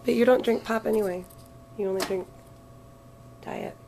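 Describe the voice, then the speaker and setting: A woman's voice: fairly high pitch, normal speed, gravelly. A young woman chatting casually with a friend, teasing and dry, in an indoor vending room picked up by the companion's handheld camera. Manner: teasing and dry, calmly settling him down. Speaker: friend on a vlog. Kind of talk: casual chat. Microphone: handheld camera held by a companion. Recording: hissy handheld camera audio.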